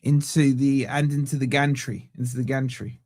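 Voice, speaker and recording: A man hosting a live football watch-along stream from a home setup. He banters with viewers and gives them shout-outs. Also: mid-range voice, flat delivery, moderate pace, no echo, studio quality. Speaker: fan channel host.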